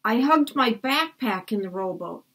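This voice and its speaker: Anxious young boy in a storybook, hurried and flustered, as a woman reads him. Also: on the high side, expressive, a bit bright, exaggerated voice.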